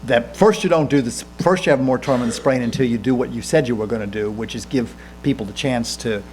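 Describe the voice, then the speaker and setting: A man in his fifties, a senator and guest speaker, answering audience questions in a lecture room, earnest and halting with frequent restarts. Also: mid-range voice, a little mellow, slight background noise.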